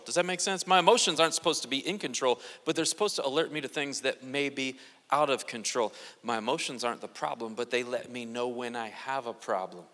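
Animated bright-voiced pastor preaching. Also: male voice, medium pitch. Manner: animated and joking, with playful asides to the congregation. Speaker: guest pastor. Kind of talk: sermon. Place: church sanctuary. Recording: long reverb of a large church hall.

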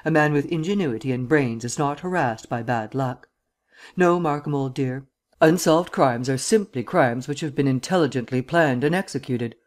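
A male audiobook reader voicing a witty, condescending gentleman detective with an airily superior, drawling manner. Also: medium pitch, moderate pace, lightly acted. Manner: drawling, airily superior, archaic upper-class phrasing. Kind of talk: audiobook character reading.

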